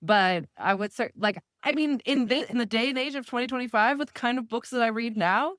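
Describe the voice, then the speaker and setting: Wry, halting woman podcast guest. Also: fairly high pitch, fairly bright tone, no echo, studio quality. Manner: halting, many restarts, wry. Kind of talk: casual chat.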